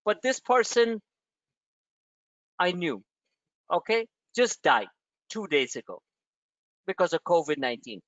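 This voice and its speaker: A man's voice: high voice, big pitch swings, measured pace, pauses often, fairly bright tone, no echo, dull audio. A man hosting a stock trading webinar, talking bluntly and emphatically, swearing and repeating himself for effect. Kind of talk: live trading webinar rant.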